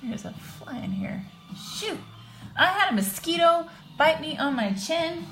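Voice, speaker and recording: A woman's voice: sits high, big pitch swings, fairly bright tone, faint music behind. A woman hosting a livestream, chatting casually and laughing while she sketches. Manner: giggly, chatty, drawn-out. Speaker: livestream host and artist.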